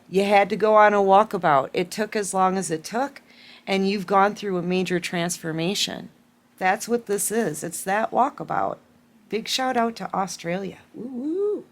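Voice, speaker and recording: Slow-talking tearful woman tarot reader. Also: medium pitch. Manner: emotional, tearful, repeats phrases for emphasis. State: holding back tears. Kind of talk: collective tarot reading to camera.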